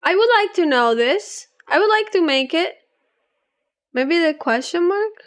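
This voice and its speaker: Woman streamer, high voice, slow easy chatter, giggly. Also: lively intonation. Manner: chatty, giggly, reads aloud to chat. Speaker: livestreamer. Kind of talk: casual gaming stream chat.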